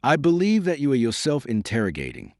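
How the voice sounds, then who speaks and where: A man reading the lines of a haughty, disdainful queen in an audiobook, in a lively voice. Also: mid-range voice, brisk, no echo, studio quality, pitched above the performer's own voice. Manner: disdainful, imperious. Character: haughty proud queen, a grown woman.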